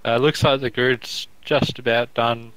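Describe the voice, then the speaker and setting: A man co-hosts a racing stream with dry, teasing, sweary jabs. His voice is bright and forward at an everyday pitch. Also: steady tone, unhurried, dry recording, rough recording. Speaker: co-commentator and series organiser. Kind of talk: casual live-stream race commentary.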